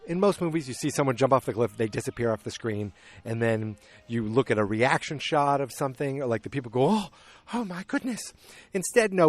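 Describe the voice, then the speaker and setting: Animated man recapping a movie. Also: mid-range voice, no echo. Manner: animated storytelling, acting out scenes. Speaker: podcast host.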